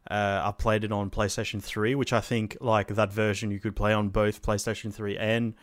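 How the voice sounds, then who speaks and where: A man's voice: on the low side, little pitch movement, moderate pace, no echo, studio quality. A man, co-hosting a casual chat about video games, rambling with fillers and restarts and swearing now and then. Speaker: podcast co-host.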